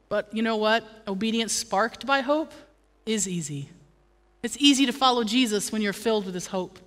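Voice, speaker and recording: A woman's voice: a little high, fairly bright tone, big-room sound. A woman pastor preaching a sermon with passion, building to emphatic declarations and dropping in humorous asides. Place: church.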